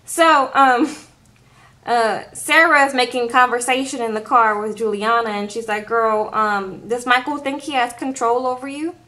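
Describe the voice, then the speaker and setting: A woman's voice: on the high side, fairly even intonation, normal speed, sharp tone. A young adult woman recapping a reality show episode in a chatty vlog, retelling scenes with quoted voices and laughing along.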